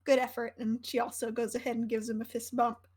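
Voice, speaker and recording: High-voiced woman player, bubbly. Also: flat delivery, brisk, a little mellow, husky.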